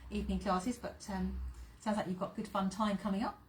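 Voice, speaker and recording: A woman's voice: medium pitch, fairly even intonation, brisk, background noise. A woman from England hosting a casual sewing live stream from her sewing room, greeting viewers by name, chatting and laughing often.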